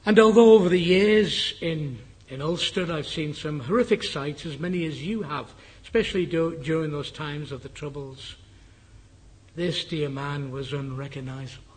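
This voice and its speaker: An older Englishman preaching a sermon, telling a personal story in an earnest way and dropping to a hush at times. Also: a little high, normal speed, slightly rough. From England. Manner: earnest, drops to a hushed whisper for the dying man's words. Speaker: guest preacher.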